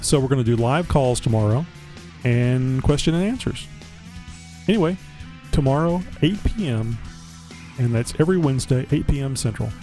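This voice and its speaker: A man's voice: mid-range voice, animated, moderate pace, long pauses, mellow, faint music behind. A man hosting a casual live internet show, rambling and restarting his words often. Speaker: host. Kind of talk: casual livestream chat.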